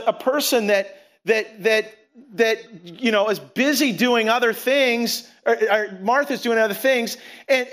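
A man preaching a conversational sermon, acting out little scenes and quoting characters in lively voices. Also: very high-pitched. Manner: animated, conversational, acts out quotes. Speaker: pastor.

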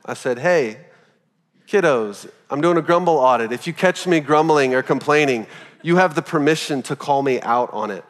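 A man's voice: on the high side, normal speed. Conversational male pastor preaching in a reverberant hall. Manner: conversational, animated storytelling with frequent "like". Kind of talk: sermon. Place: church auditorium.

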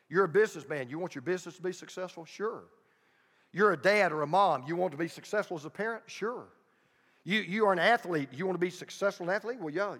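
Male preacher, high animated delivery; emphatic repeats and sudden hushed lines; reverberant sanctuary. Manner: emphatic preacher, repeats key phrases, drops to near-whisper for emphasis. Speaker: pastor. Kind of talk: sermon.

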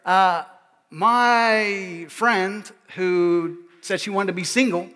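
High bright-voiced pastor preaching. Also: male voice, takes it slowly, in a large hall. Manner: animated and joking, keeps asking "all right?". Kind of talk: sermon.

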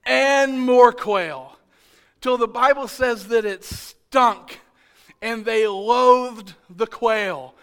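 A man preaching a sermon as pastor, animated and joking, building to loud emphatic shouts. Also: very high voice, slow, clean tone. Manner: animated, joking, playfully exasperated.

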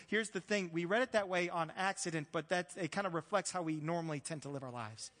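A man preaching a sermon as pastor in a relaxed, conversational way, mixing in jokes and acted-out quotes. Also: fairly high pitch, brisk, hardly any pauses, in a large hall. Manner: conversational, joking, acts out quoted voices.

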